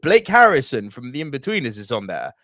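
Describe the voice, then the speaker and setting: A man's voice: medium pitch, wildly swooping pitch, fairly quick, a crowd in the background. A young man co-hosting a podcast, chatting casually with jokey, swearing rants. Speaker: podcast co-host. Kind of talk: casual chat.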